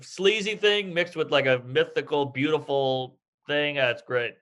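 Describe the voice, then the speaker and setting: A man with a slightly raised pitch riffs through loose, crude comic banter as he hosts a boozy casual chat. He sounds like he's in his thirties, tossing off jokes with easy laughter. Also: unhurried, a bit bright. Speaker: podcast host. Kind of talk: casual chat over drinks.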